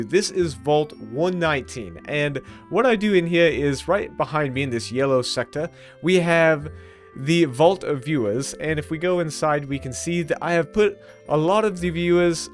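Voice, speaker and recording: A bashful, playful gamer chatting in an exaggerated fake British accent, as a man puts it on. The voice sits a touch high for a man. Soft music hums faintly underneath. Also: natural voice. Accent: put-on British. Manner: self-conscious, giggly, playful. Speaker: gaming YouTuber. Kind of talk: Minecraft let's play commentary.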